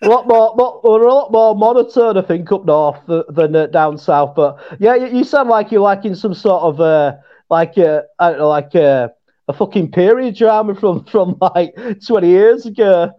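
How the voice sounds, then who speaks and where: Brief: a middle-aged Yorkshire man, high-voiced and chatty, swearing and laughing, with a dull lo-fi call sound. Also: moderate pace. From Yorkshire, England. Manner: laughing, swearing, rambling banter. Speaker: guest. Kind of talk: casual chat. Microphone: remote call. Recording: lo-fi internet call.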